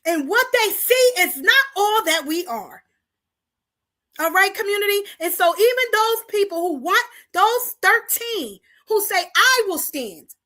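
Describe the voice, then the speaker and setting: Speaking directly to her viewers, this Paterson, New Jersey, talk show host preaches to the community with call-and-response fervor, repeating lines to drive them home. Her very high, bright, sharp voice has lively intonation, though her pace stays measured.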